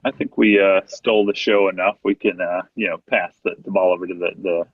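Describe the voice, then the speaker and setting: A man's voice: low-pitched, steady tone, brisk, dry recording. A man co-hosting a webinar, speaking casually and hesitantly with many fillers. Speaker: webinar co-host. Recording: distant, dull, dry webinar audio.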